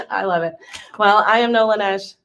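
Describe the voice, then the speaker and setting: A woman's voice: mid-range voice, a little slow, lo-fi sound, background noise. Woman from south louisiana hosting a podcast, slight southern accent, laughs a lot. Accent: light Southern. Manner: chatty, laughs often. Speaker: podcast host. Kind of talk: casual interview chat.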